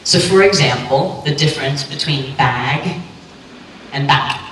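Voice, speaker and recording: A woman giving a clear, lightly joking talk on pronunciation to a live audience at a conference. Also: sits low, unhurried, fairly bright tone. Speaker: conference speaker on pronunciation teaching. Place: lecture hall. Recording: echoey hall, distant mic, faint hum.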